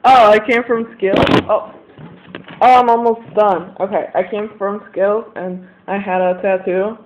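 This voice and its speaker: A man's voice: high-pitched, fairly even intonation, a little slow. A young man in his late teens talking to the camera in a rambling, frustrated way, venting about his family. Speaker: vlogger. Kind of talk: casual confessional vlog. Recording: tinny lo-fi webcam audio, faint hiss.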